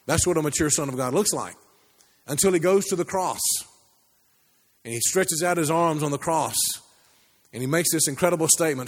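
A man preaching a sermon, telling a story with many restarts and climbing pitch as he builds. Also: normal speed, pauses often. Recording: long hall reverb.

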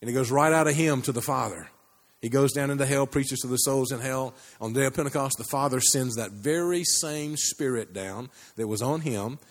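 A man preaching to a congregation, his mid-pitched voice carrying into a long echo. He tells a story with frequent restarts and rises higher when he builds up. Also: normal speed. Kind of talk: sermon. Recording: long hall reverb.

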